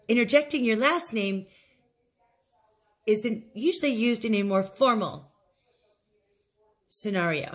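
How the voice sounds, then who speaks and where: Woman, English teacher, fairly high voice; speaks phrases slowly and clearly for repetition. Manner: slow, clear modeling of phrases for learners to repeat. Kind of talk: recorded language lesson.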